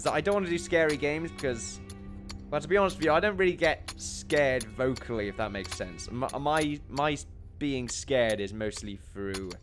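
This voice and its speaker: A young man chatting through a building game in a loose, rambling way, often laughing at himself. His voice is animated and swings widely in pitch. Faint background music plays under his talk. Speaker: gaming commentator. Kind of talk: casual let's play commentary.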